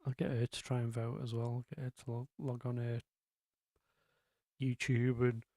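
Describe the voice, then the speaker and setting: A man chats his way through a casual live stream, wandering off on tangents. His voice is mellow and low-key, recorded close and dry with no room sound. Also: completely flat delivery, moderate pace, no room sound. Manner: rambling, chatty, lots of ums and asides.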